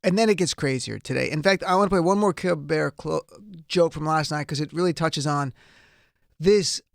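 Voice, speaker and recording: A man hosting a live radio talk show, delivering an energetic, excitable monologue with wry asides. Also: a little high, moderate pace, creaky, no echo. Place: radio studio. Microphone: studio microphone.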